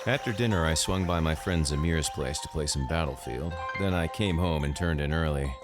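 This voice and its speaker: A man's voice: extremely low pitch, moderate pace, hardly any pauses, over music. A man narrating a horror story in the first person with a dry, sardonic manner.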